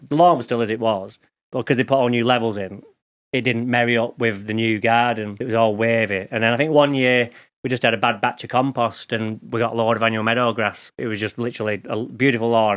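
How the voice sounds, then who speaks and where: A man's voice: fairly low pitch, fairly bright tone, clean tone. A middle-aged man from England, a guest chatting casually in an interview, telling stories in informal slang. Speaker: podcast guest, lawn care expert.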